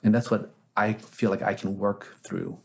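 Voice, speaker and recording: A man's voice: fairly low pitch, little pitch movement, moderate pace, gravelly, a little mellow, slightly rough. A man, a therapist, telling anecdotes as an interview guest in a casual, reflective way with frequent fillers.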